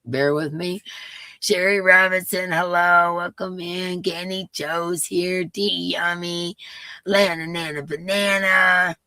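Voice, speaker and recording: A hoarse woman hosting a casual live stream, chatting and reading out viewers' names as they arrive. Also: on the low side, steady tone, slow pace, bright, forceful tone, no room sound. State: hoarse, voice coming and going. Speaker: livestream host.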